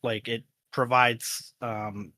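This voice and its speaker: A man's voice: medium pitch, flat delivery, takes it slowly, pushed and bright. A man from the American Midwest, a podcast guest, chatting loosely with lots of ums and likes. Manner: rambling, many fillers. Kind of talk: casual interview chat.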